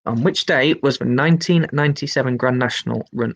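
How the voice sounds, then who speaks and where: A man's voice: mid-range voice, brisk, vocal fry. Male pub quiz host, mid-range voice, repeats each question and chats between them. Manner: reads each question twice, chatty asides. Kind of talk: hosting an online pub quiz.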